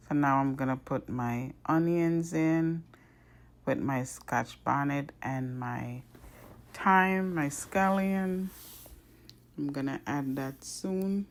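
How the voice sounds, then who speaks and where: A woman hosting her own cooking channel, talking through each step in a chatty voice-over. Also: sits low. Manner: chatty, step-by-step, starts lines with "so now". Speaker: home cook and channel host. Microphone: voice-over recorded apart from the video.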